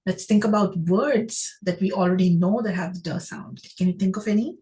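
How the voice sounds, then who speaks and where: A woman's voice: medium pitch, normal speed, mellow, poor audio. A woman teaching a phonics lesson, who asks her class questions and praises each answer.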